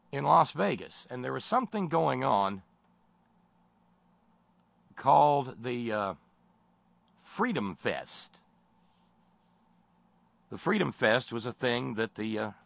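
A man's voice: mid-range voice, fairly bright tone, no room sound. A man hosting a political commentary show, sardonic and rambling in his delivery. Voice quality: gravelly. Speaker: host.

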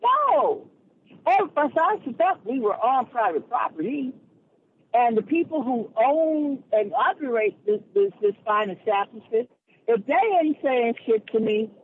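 A man with a high voice calls in to a radio talk show and tells his story with animated indignation and quick retorts. His voice comes through a thin, tinny phone line, with a faint hiss underneath. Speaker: radio call-in caller. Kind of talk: casual storytelling on a call-in show.

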